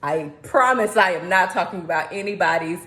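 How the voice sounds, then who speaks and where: A young adult woman vlogging in a chatty, animated way, often jumping up into high squeals. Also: fairly quick. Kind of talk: casual talking-head vlog. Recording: echoey room.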